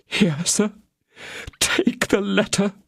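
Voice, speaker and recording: Man voicing a proud high-voiced queen. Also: lively intonation, measured pace, husky, no echo, studio quality, heavily acted. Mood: tearful. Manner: pleading, indignant, raised high voice. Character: proud outraged queen, a woman.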